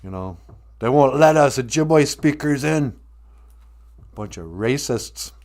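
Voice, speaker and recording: A man's voice: mid-range voice, animated, slow pace, a little mellow. A man hosting a casual live stream, joking, greeting viewers by name and laughing often. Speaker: live stream host teaching Ojibwe.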